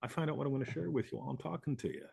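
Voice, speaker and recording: A man's voice: mid-range voice, racing, vocal fry, darkish tone, slightly rough, dry recording, clean studio sound. A man hosting a live show, talking casually in a rambling way, swearing and laughing often. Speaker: host.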